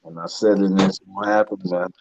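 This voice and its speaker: A man's voice: low-pitched, fairly even intonation, fast talker, a little mellow, no room sound, muffled recording. A man in a casual sports chat, laid-back and talking in short, agreeing remarks.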